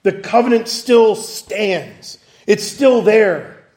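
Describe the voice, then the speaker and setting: A man's voice: sits high, lively intonation, slow pace, a little mellow. A man preaching a conversational evening sermon, acting out the voices of the people he quotes. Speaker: pastor.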